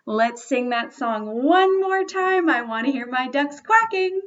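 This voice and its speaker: A young woman reads a bedtime story to small children, her high voice soft, playful and coaxing. She takes her time, drawing the little ones in to join along. The recording sounds a little dull and muffled. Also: expressive, a little slow. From Canada. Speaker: children's librarian.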